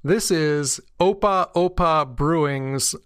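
A man's voice: fairly high pitch, takes it slowly, fairly bright tone, smooth, no room sound. A man co-hosting a podcast in casual chat, dry and teasing. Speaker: podcast co-host.

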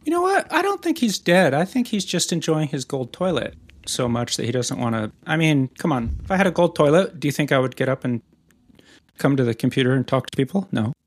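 A man's voice: medium pitch, lively intonation, fairly quick, no room sound. Playful rambling man, dry close sound. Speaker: podcast co-host. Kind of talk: casual chat.

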